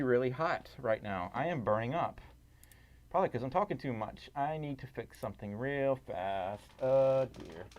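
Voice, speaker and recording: A man chatting casually on a livestream, rambling and self-deprecating with lots of fillers and laughs, tired and a little scratchy. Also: mid-range voice. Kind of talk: casual live stream chat.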